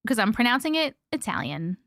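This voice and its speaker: A woman hosting a casual live stream, chatting with viewers and reading stories aloud with hushed dramatic pauses. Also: on the high side, very animated, dry recording, studio quality.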